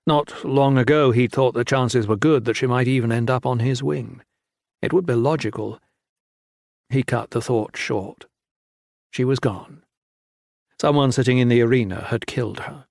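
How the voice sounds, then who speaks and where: A man narrates a fantasy novel in a steady, measured manner. His voice sits in an ordinary middle range. The recording is close and very dry, with no room sound. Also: mid-range voice, gravelly, dry recording. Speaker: audiobook narrator. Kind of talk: scripted audiobook narration.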